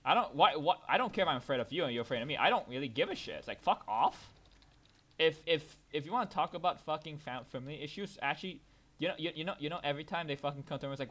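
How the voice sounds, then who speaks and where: A young man co-hosting a podcast while gaming, chatting casually, rambling and swearing, with many restarts and loud bursts when ranting. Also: on the high side, expressive, very fast. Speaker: podcast co-host.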